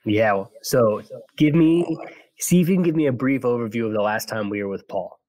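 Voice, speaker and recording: A young man from California with a General American accent, co-hosting a casual podcast and rambling with quick restarts. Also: mid-range voice, a little mellow, no echo. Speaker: podcast co-host.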